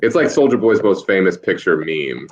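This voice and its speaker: A man's voice: deep voice, normal speed, highs cut off, over a noisy crowd. A man co-hosting a casual podcast, telling stories and laughing often. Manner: animated storyteller, laughs often. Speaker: podcast co-host. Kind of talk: casual chat.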